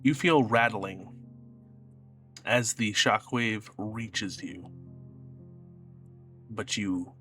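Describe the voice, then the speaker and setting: A man running a tabletop sci-fi game as game master, narrating scenes in a steady, descriptive way. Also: fairly low pitch, very slow, pauses often, faint music behind. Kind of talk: narrating a tabletop space adventure.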